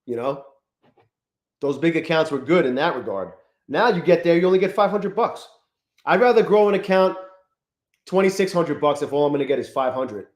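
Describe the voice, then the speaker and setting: A man's voice: fairly high pitch, animated, normal speed, pauses often. Profane, restless man streaming trades. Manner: profane, restless, talks to chat. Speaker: trading livestream host. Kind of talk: casual live-stream chat.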